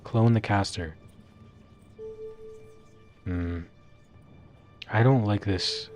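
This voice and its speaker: A man's voice: low voice, fairly even intonation, a little slow, long pauses, darkish tone, faint music behind. A man streaming a choose-your-own-adventure game, reading choices aloud and reacting with wry, crude remarks. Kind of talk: casual live-stream commentary.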